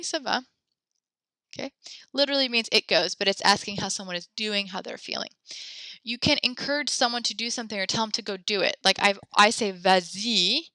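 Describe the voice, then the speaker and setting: A woman's voice: mid-range voice, sharp tone, dry recording. A young adult woman teaching a French class, upbeat and encouraging, chatty with fillers as she explains. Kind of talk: online class lesson.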